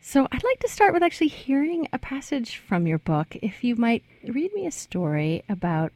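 Woman radio interviewer, mellow and slightly low, dry studio sound. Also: very animated, moderate pace, no room sound. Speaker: radio show host.

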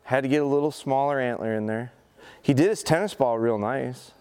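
A man's voice: medium pitch, a little fast, darkish tone, clean tone. A man giving a live dog-training seminar. He coaxes the dog with short repeated commands and praise, then explains plainly to the audience with rhetorical questions. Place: event seminar in front of an audience.

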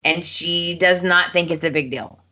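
A woman's voice: fairly low pitch, moderate pace, sharp tone. A woman co-hosting a podcast, casually recapping soap opera episodes and acting out the characters' lines. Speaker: podcast co-host.

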